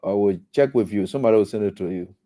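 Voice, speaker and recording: A man's voice: on the low side, racing, warm tone, no room sound, clean studio sound. A man hosting a call-in radio show, easygoing and encouraging, chuckling often.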